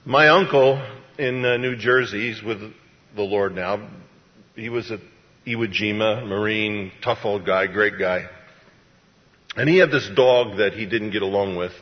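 In a dull, echoey church hall, a man with a lowish voice delivers a sermon at a measured pace. As pastor, he keeps it folksy and conversational, acting out voices in his stories.

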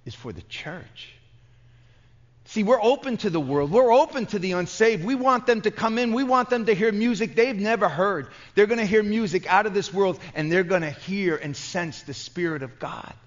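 Man, New York accent, pastor preaching, high voice, impassioned, stammers and restarts, dull lo-fi sound. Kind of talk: conference sermon. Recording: dull lo-fi recording.

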